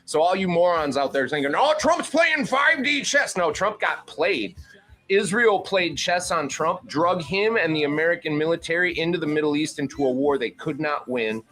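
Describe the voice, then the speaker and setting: A man's voice: fairly high pitch, moderate pace, fairly bright tone. A man giving heated, profane political commentary as a panel host, mocking and putting on voices when he quotes people.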